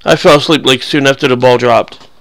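Gravelly man rambling over game clips. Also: medium pitch, steady tone, brisk, fairly bright tone, no echo. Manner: rambling, joking, crude, with frequent restarts. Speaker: gameplay commentator.

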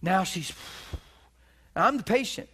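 A man preaches with a high, bright voice into a handheld mic. He tells his story in an animated way and acts out the other people in it. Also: slow, breathy edge. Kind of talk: storytelling sermon. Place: teaching hall before an audience.

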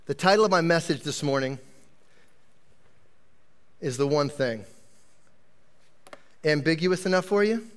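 A man's voice: on the high side, expressive, measured pace, pauses often, clear, resonant tone. A man who is an associate pastor, preaching a sermon in a chatty, joking way to a live congregation.

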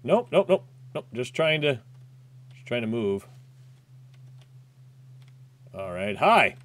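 An excitable man talks his way through a retro game, his voice swooping up and down. He swears freely and yelps when things go wrong, mixing casual chatter with loud outbursts. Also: medium pitch, takes it slowly, pauses often. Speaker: gaming YouTuber. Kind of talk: let's play commentary.

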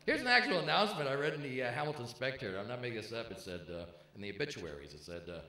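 A middle-aged male comedian trading punchy jokes with a crowd in a club. His voice is bright and swings up and down a lot. The room is echoey and carries a faint murmur. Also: medium pitch, expressive, very fast, few pauses, slight background noise. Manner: brash, punchy, bantering with the audience. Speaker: stand-up comedian. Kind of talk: stand-up comedy.

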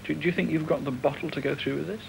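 A British man interviewing off camera, asking quick probing questions. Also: on the high side, steady tone, gravelly, a little mellow, a little hiss or hum, low-quality recording.

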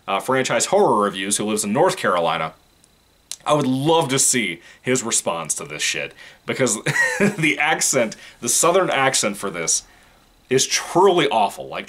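A man's voice: medium pitch, a bit bright. A man from Virginia giving a casual, rambling movie review, frank and profane, often breaking into laughter.

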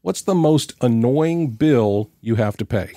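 A man's voice: medium pitch, lively intonation, a little slow, over music. A man hosting a podcast, chatting casually as he reads out quiz questions and riffs on the answers. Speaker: podcast host. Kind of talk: casual interview chat.

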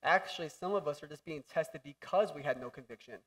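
Young male pastor with a high voice, animated and jokey, preaching on a stage mic. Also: fast talker, recorded from a distance. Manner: animated, jokey, acts out voices and shouts for emphasis. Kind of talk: sermon. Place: church hall.

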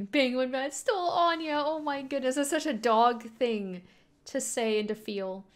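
Her voice slightly high and her pace measured, a young woman reacts to anime on video. She chats casually, gushes often, and laughs a lot in an animated way.

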